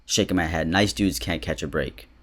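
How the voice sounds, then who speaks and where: A man's voice: sits low, normal speed, fairly bright tone. A young man hosting a commentary video, reading out screenshots in a sarcastic, incredulous tone.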